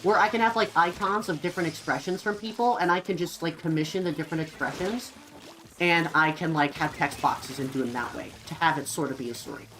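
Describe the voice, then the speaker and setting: A woman's voice: low voice, a little fast, a little hiss or hum, poor audio. A young woman streaming a game and chatting casually with viewers in a rambling style, full of fillers. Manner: rambling, filler-heavy, lively.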